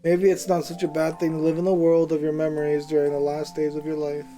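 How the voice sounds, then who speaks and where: A man reading a story aloud in a measured way, stumbling now and then over a word. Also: on the high side, completely flat delivery, warm tone, faint music behind, low-quality recording. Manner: measured reading with small slips and asides.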